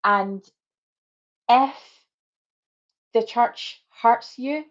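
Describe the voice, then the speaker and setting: A woman hosting a livestream discussion, speaking earnestly and deliberately to her guests and viewers over a video call. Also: a little high, highs cut off. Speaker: host.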